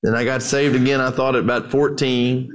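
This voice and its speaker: A man's voice: medium pitch, level tone, fairly quick. A man preaching as pastor, telling stories in a conversational way and addressing listeners as "guys.". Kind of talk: sermon storytelling.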